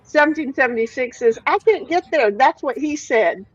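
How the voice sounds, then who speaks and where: A woman's voice: high-pitched, expressive, normal speed, lo-fi sound, slight background noise. A woman hosting a casual livestream, reading viewer comments aloud and chatting freely with occasional swearing. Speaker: livestream host.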